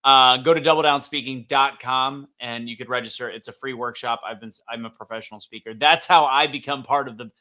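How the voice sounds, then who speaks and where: A man's voice: mid-range voice, steady tone, fairly quick, hardly any pauses, bright, forceful tone. A man co-hosting a podcast who works as a speaking coach, plugging his workshop in an upbeat, promotional way. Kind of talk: casual chat, self-promotion.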